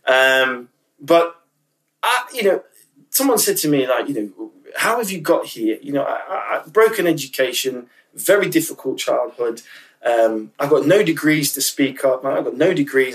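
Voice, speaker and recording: A man's voice: mid-range voice, recorded from a distance, rough recording. A man speaking as a podcast guest, candid and emotional, often restarting and repeating words as he talks. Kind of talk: casual interview chat.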